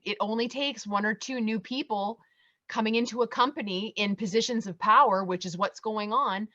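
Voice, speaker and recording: A woman speaking firmly and in a measured way in a casual panel discussion, giving advice to listeners. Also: mid-range voice, a bit bright, muffled recording. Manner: firm, measured, advising. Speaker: panel co-host.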